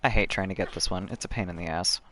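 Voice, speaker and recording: Young american guy streaming a game, lowish voice, keeps cursing at the jumps and talking to chat. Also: quick pace, bright, forceful tone. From United States. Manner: frustrated, swearing, chatting with viewers. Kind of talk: casual gameplay commentary.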